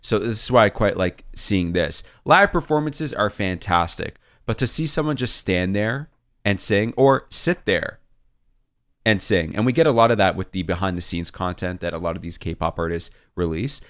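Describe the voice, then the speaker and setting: A man's voice: deep voice, normal speed, a bit bright, dry recording, clean studio sound. A man hosting a reaction video, gushing and thinking aloud in casual commentary.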